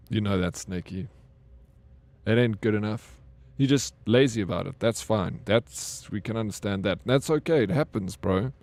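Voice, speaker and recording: A man's voice: on the low side, darkish tone, no room sound. A young man streaming a game, chatting casually and talking straight to his viewers by name. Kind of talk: casual live-stream chat.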